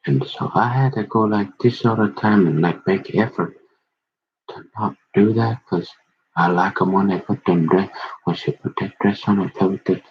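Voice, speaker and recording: Husky, low-voiced man, slow scripture reader with jokey asides, dull lo-fi recording. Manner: slow, drawn-out reading broken by joking chatter. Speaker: Bible reader. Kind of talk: scripture reading with casual asides.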